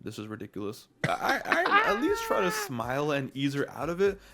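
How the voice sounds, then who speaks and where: A man's voice: high-pitched, huge pitch swings, moderate pace, very noisy. A man doing a comedic, sarcastic commentary rant, full of exaggerated jokes. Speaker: commentary video creator.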